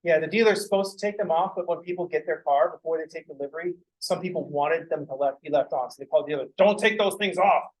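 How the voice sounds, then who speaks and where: A man's voice: on the high side, steady tone, fast, few pauses, darkish tone, low-quality recording. Joking, rambling young male math lecturer. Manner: joking, rambling, swears casually. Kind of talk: casual classroom lecture with joking asides. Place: classroom.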